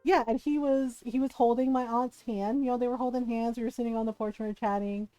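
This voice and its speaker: A woman streamer chatting casually while she plays a game, laughing often and retelling a story with lively quoted voices. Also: a little high, brisk, no room sound. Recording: dry close mic with faint game music.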